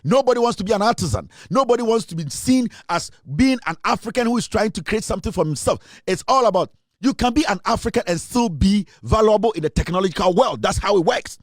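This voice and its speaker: Speaking fast with few pauses, a high-voiced man with lively intonation hosts an impassioned commentary show, switching between English and Twi. His Ghanaian accent carries as he preaches and repeats lines for emphasis. The studio-quality recording has no echo.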